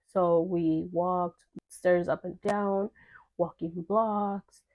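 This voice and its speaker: A woman's voice: fairly low pitch, steady tone, drawn-out words, highs cut off. A young woman telling a personal story in casual vlog chat, full of fillers and quoted dialogue. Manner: chatty, filler-heavy, acts out quoted dialogue.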